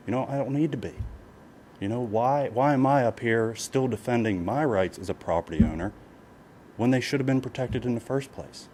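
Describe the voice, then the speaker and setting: A man's voice: medium pitch, normal speed, a little mellow. A man pleads his case as a property owner during public comment at a county meeting. He talks in an emotional, repetitive way, circling back with "you know" again and again. A faint hum sits behind him in the meeting room.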